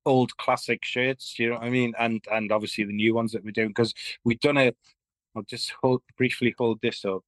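A man's voice: mid-range voice, steady tone, moderate pace, no room sound, low-quality recording. A man with a Geordie accent, a guest musician chatting on a video call, telling stories with jokes and swearing. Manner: joking storyteller, swears freely, acts out quotes. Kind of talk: casual chat.

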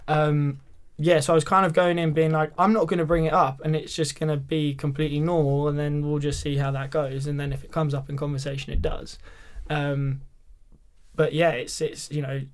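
A man's voice: a little high, little pitch movement, fairly quick. A young British man telling a story in casual chat as a podcast guest, full of filler words and restarts. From Britain.

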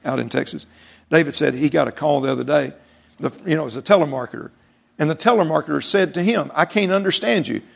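A man preaching with a gravelly, creaky edge in a slightly raised register. He drives his points home through repetition and leans on folksy humor. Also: fairly high pitch, fast talker. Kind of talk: sermon.

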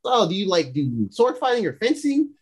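A man's voice: sits high, sing-song, moderate pace, darkish tone, slightly rough, voice pushed up, full character voice. A man putting on a cocky, slangy young woman. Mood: sarcastic. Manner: slangy, sarcastic.

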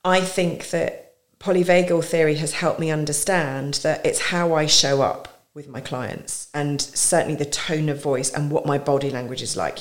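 A middle-aged woman with a notably low voice talks through her coaching ideas in an easygoing podcast conversation. She explains things at length and laughs easily with her host. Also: fairly even intonation, normal speed. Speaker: executive coach, guest.

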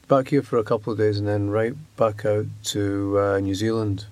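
A man answering interview questions in a hesitant way, with many pauses and fillers. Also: lowish voice, level tone, darkish tone, dry recording. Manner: hesitant, lots of uh and um. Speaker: author guest.

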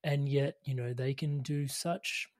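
Male interview host, mellow tone, dry close mic, thoughtful and self-correcting. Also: mid-range voice, steady tone, unhurried, no echo. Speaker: podcast host, mentor. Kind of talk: reflective interview chat.

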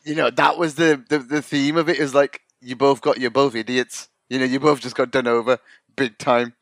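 A man hosting a podcast, chatting casually and excitably, swearing and laughing a lot. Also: mid-range voice, moderate pace, no echo. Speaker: podcast host. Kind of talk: casual chat.

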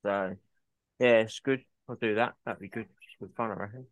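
An easygoing man in casual podcast chat. His voice sits slightly low and is recorded dry and close. He often answers with short, agreeable replies. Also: steady tone, moderate pace, dry recording. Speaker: podcast co-host.

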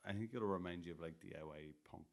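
A man's voice: low-pitched, quick pace. A man co-hosting a podcast in casual, sweary, rambling chat, self-deprecating about his own wrestling.

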